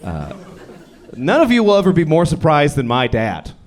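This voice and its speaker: A young man performing a stand-up set on a comedy club stage, with a deadpan, self-deprecating delivery. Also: fairly high pitch, normal speed, slight background noise. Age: young adult.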